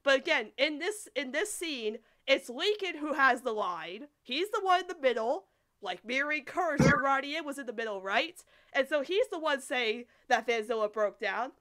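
A woman hosting a podcast, chatting casually about a cartoon in an animated, rambling way. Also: high voice. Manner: animated, rambling, quick to laugh. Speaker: podcast host.

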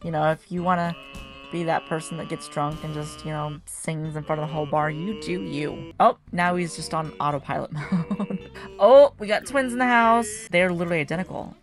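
A woman's voice: low-pitched, normal speed. Giggly woman narrating a life-sim game. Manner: chatty, giggles often. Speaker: gaming channel host. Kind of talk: casual let's-play commentary. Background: faint game music.

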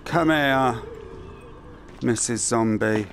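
A man muses aloud through a let's-play, unhurried and gravelly, muttering his plans into a headset mic. Faint game sounds hum behind him. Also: medium pitch. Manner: thinking aloud, muttering to himself. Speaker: gamer.

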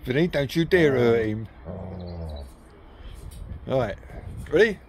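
A man's voice: a little high, sing-song, slow pace, pauses often, a bit bright, slight background noise. A man filming his dogs in a garden, teasing and cheering them on with a chatty, laughing manner. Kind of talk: casual talk to pets while filming. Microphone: handheld camera.

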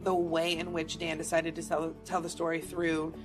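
A woman's voice: sits low, monotone, normal speed, music in the background. A middle-aged woman, an actress, telling stories in an interview in a chatty way, full of "like", acting out the voices in her anecdotes. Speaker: actor and singer, interview guest. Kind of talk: animated storytelling in a sit-down interview.

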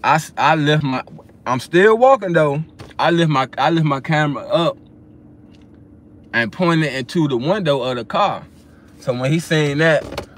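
A young man casually telling a story straight to his viewers, animated and full of slang, acting out his own replies as he goes. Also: on the high side, normal speed, slight background noise. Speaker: vlogger telling a personal story.

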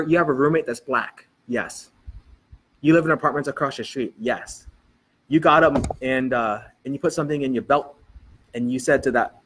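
A man's voice: medium pitch, a bit bright. A middle-aged man preaching as a pastor, telling a personal story in church and acting out the dialogue as he goes. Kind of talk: storytelling sermon.

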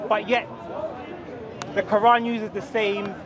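Man, street debater, measured, persistent, fairly high voice, crowd behind. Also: level tone. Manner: persistent, measured, insists on his question. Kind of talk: outdoor debate. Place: busy outdoor park with a crowd. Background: crowd talking.

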